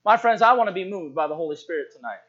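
A male preacher with a fairly high voice delivers a lively sermon to a congregation, dropping to quiet asides and then rising to shouts. The recording is dull and lo-fi. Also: rapid-fire. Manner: lively, call-and-response preaching, swings from hushed to shouting. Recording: dull lo-fi sound.

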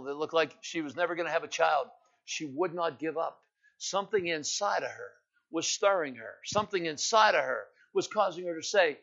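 A man preaching a sermon with fervor, rising loud and high at its peaks and sinking to a hush at others, in a dull lo-fi recording. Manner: impassioned preaching that swells loud and high, then drops quiet.

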